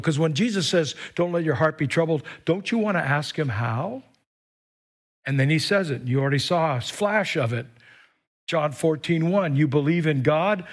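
A man preaching an animated sermon as pastor in a church, urging the congregation to say lines back and whooping between them. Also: a little high. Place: church with live stream. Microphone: microphone.

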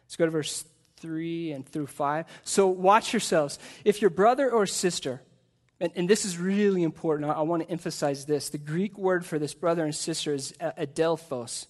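A man's voice: on the high side, normal speed. A middle-aged man, a pastor preaching a sermon into a pulpit microphone, earnest and emphatic, asking the congregation rhetorical questions.

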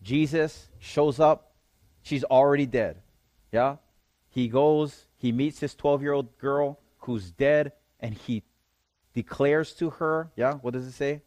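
A man's voice: mid-range voice, slow pace, darkish tone, no room sound. A man preaching a sermon, reading scripture aloud and explaining it, often checking in with his listeners. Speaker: pastor.

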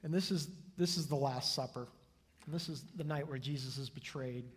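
Male pastor, sermon. Husky, fairly high, earnest, long hall reverb. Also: a little fast. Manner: earnest, shifts between soft and loud.

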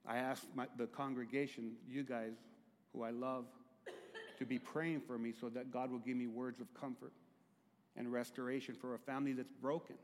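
Alternating between quiet, stretched-out phrasing and loud, high-pitched crying out, a middle-aged man delivers a sermon as pastor with a flat delivery. A long reverb tail trails his words.

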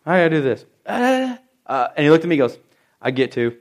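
A middle-aged man preaching a sermon in church, telling stories and stressing key phrases with slow, emphatic repeats. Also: a little high, very animated. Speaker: pastor.

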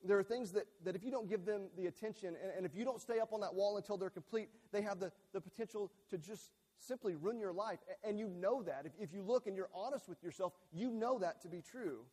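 High-voiced preacher in a reverberant hall. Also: male voice, quick pace, few pauses, a little mellow. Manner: earnest and emphatic, repeats key phrases, stumbles and restarts words. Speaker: pastor. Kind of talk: sermon. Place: church sanctuary with a screen behind him.

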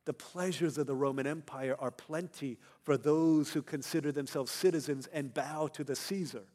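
Pastor preaching with rising, emphatic force. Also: male voice, on the high side, moderate pace, few pauses. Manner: storytelling that builds to loud, emphatic climaxes. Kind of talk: sermon.

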